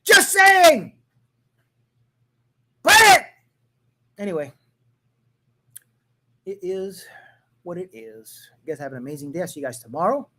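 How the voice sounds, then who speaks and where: A man's voice: a little high, expressive, normal speed, long pauses, a little mellow. A man hosting his own podcast, giving casual political commentary in a sarcastic, mocking way, swearing freely and tossing jokey asides into what he reads aloud. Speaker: podcast host.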